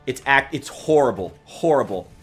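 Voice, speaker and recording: A man's voice: medium pitch, lively intonation, moderate pace, fairly bright tone, slightly rough, faint music behind. A man giving rambling casual commentary on a stream, angry and swearing, often stopping to restart his sentences. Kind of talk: casual commentary reacting to news.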